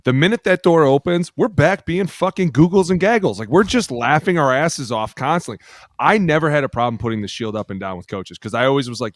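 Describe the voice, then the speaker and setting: A man's voice: fairly high pitch, expressive, brisk, dry recording. A former football lineman co-hosting a podcast, brash and profane in casual chat.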